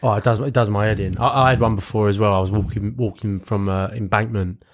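A man's voice: fairly low pitch, steady tone, fast talker. A young man, talking casually as a podcast co-host in a blunt way, swearing often and laughing easily. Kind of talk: casual chat.

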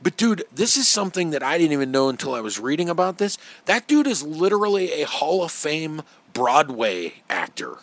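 A man's voice: fairly high pitch, big pitch swings, normal speed, few pauses, a bit bright, no room sound. A man co-hosting a podcast, chatting casually and sarcastically while reviewing a movie from his notes, swearing freely. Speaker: podcast co-host.

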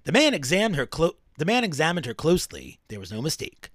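A man's voice: a little high, wildly swooping pitch, fast, a bit bright, no echo, studio quality, pitched above the performer's own voice, heavily acted. A man putting on the voice of an old-time radio countdown host to read a quote aloud in a dramatic announcer style.

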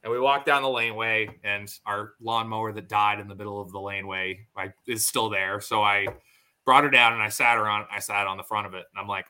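A man's voice: fairly low pitch, brisk. A man in his thirties from western New York, a farmer and butcher chatting as a podcast guest and acting out dialogue as he tells stories. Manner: animated storyteller acting out dialogue. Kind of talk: casual podcast chat.

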